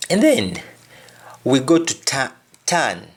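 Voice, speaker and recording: Slow, deliberate male language teacher. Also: medium pitch, huge pitch swings, husky. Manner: slow and deliberate, repeating each example. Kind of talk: spoken language lesson.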